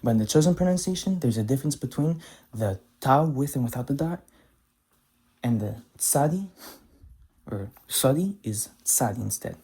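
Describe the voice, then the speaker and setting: A man teaching pronunciation, talking slowly and carefully, repeating example words and correcting himself as he goes. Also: medium pitch, expressive, mellow, breathy edge. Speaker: language teacher. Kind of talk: explaining pronunciation to camera.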